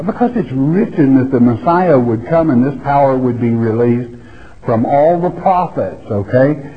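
A male pastor giving a folksy sermon, reading scripture aloud and rising in emphasis as he explains it. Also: mid-range voice. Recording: dull lo-fi recording.

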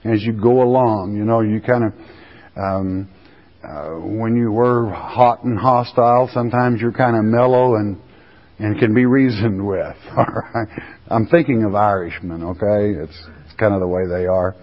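A man's voice: on the low side, steady tone, a little slow. A man preaching a sermon in a folksy, plain-spoken way, stretching out the scripture he reads for emphasis. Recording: dull recording in a reverberant hall.

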